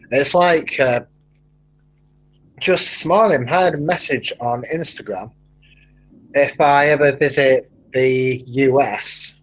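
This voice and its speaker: A man chatting casually on a podcast, rambling and telling stories with animation. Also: medium pitch. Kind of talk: casual chat. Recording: dull lo-fi sound.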